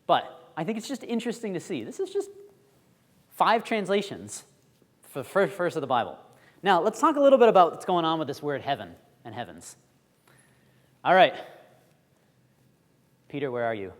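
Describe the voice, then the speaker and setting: Lively man lecturing in a hall. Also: high-pitched. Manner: lively, quizzes the audience. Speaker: Bible school teacher. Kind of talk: classroom lecture.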